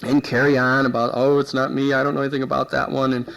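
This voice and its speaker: A man giving a university lecture, telling an anecdote in an animated way and acting out the people he quotes. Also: mid-range voice, fast talker, gravelly, low-quality recording. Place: lecture hall.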